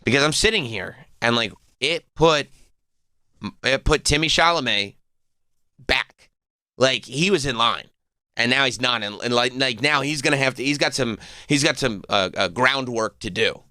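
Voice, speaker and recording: A male talk-radio host with a bright, forward voice, opinionated and rambling. He sits close on a studio mic in a dry room with no reverb. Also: mid-range voice. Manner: opinionated, rambling, quick to riff. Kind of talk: casual talk-radio chat.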